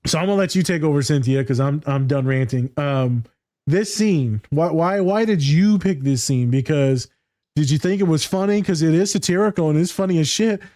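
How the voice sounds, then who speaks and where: A man who hosts a podcast and works as a therapist, ranting in animated, profane casual chat. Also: a little high, normal speed, dry recording, clean studio sound.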